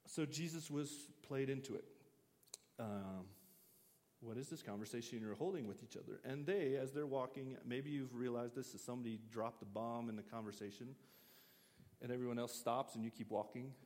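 A man's voice: medium pitch, fairly even intonation, normal speed, darkish tone, long reverb tail. A man preaching an interactive sermon, talking casually and asking his listeners questions. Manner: conversational, asks the audience questions.

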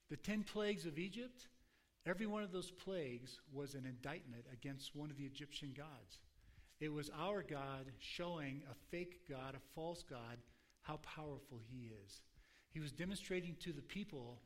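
A man's voice: on the high side, expressive, normal speed. Conversational man preaching a sermon. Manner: conversational teaching, acting out quotes. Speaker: pastor.

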